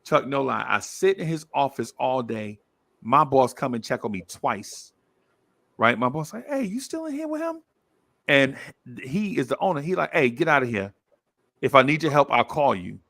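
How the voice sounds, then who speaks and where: A man telling a story in a casual podcast chat, animated and acting out the voices of the people in it, often repeating himself for emphasis. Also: mid-range voice, normal speed, gravelly.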